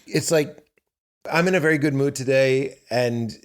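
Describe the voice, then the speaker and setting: A man in his forties talks in a casual podcast chat, telling stories with lots of acted-out quotes. His voice sits at a middle pitch. He swings between fast asides and slow, drawn-out stretches. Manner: animated storytelling with acted-out quotes. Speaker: comedian guest.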